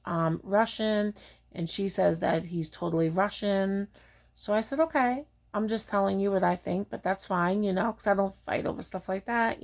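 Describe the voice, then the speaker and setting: A woman's voice: medium pitch, creaky, darkish tone. A woman telling a personal story in a casual, blunt and chatty way, acting out the dialogue with lots of fillers. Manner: frequent fillers like "like" and "um".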